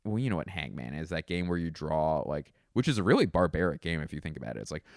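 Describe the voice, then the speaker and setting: A man's voice: low voice, very animated, fast, creaky, hardly any pauses, darkish tone, dry recording, studio quality. A man around thirty talking in a casual, rambling monologue at home, often mocking himself and laughing. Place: indoors at home.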